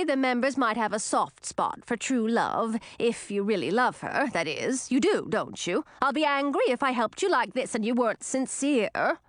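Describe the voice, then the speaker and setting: Blunt older witch, gruff with a soft heart, read by a woman; lively, animated delivery. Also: fairly high pitch, dry recording. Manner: blunt, scolding.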